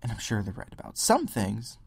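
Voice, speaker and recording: A man's voice: on the low side, huge pitch swings, brisk, vocal fry, slightly rough, no room sound. A young man hosting a solo podcast, ranting and mocking other views with impressions and sudden whispers. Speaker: podcast host. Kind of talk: solo political rant.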